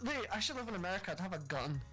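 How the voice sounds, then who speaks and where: A woman co-hosting a podcast, telling customer service stories in a casual, animated way, acting out angry customers and swearing freely. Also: mid-range voice, rapid-fire, soft background music, low-quality recording. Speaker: podcast co-host. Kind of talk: casual storytelling chat.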